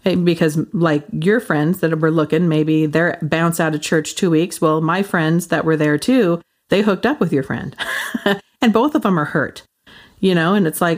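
A woman's voice: fairly low pitch, a little mellow. A woman in her forties hosting a casual faith podcast, rambling with lots of fillers and frequent laughs. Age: 40s. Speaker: podcast host.

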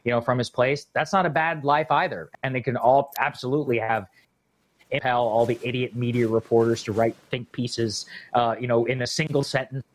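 A man's voice: medium pitch, fairly even intonation, fairly quick. Emphatic male guest commentator. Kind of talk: casual political chat.

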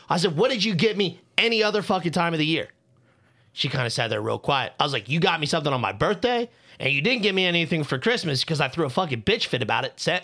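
A man's voice: a little high, sharp tone. A man co-hosting a casual podcast, telling a story in a heated, profane rant while worked up and hot under the collar. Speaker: podcast co-host.

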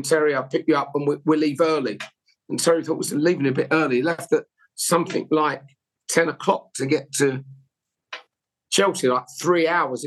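Husky, high-voiced man telling stories. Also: low-quality recording. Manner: rambling anecdotal, with emotional candour. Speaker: interview guest. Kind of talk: conversational storytelling.

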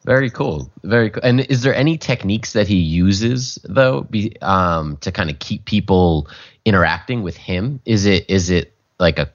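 Brief: very deep male host, relaxed questioner, dull lo-fi recording. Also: moderate pace. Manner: easygoing questioner, short affirmations. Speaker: interview host. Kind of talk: casual interview.

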